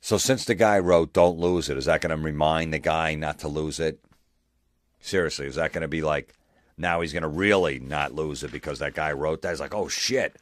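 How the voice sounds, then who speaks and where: A man's voice: extremely low pitch, fairly even intonation, fairly quick, no echo. A man hosting a podcast, ranting in a profane, sarcastic way and mocking people in put-on voices. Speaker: podcast host. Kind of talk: comedic rant.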